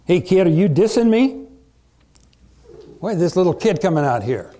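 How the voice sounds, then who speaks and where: Guy doing a sneering giant warrior in a sermon retelling, roars taunts, voice pushed higher. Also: sing-song, moderate pace, warm tone. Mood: taunting. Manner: mocking, roaring taunts.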